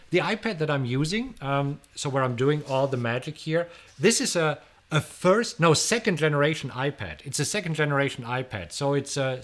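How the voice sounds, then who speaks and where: This host is a middle-aged man from Germany who speaks with a German accent in a mid-range voice. On his live stream he responds to viewer questions with chatty energy, tending to repeat words.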